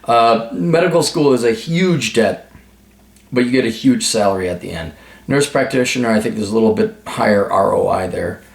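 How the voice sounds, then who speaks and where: A man's voice: fairly low pitch, expressive, moderate pace, gravelly, reverberant. A man hosting an advice video, giving blunt, profane, sarcastic answers in a ranting monologue. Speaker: advice show host.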